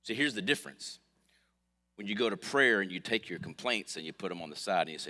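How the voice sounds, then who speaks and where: Male pastor, low voice, lively sermon delivery, reverberant sanctuary sound. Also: fast. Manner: lively storytelling preacher with swings from quiet to loud. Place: church sanctuary. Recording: long hall reverb.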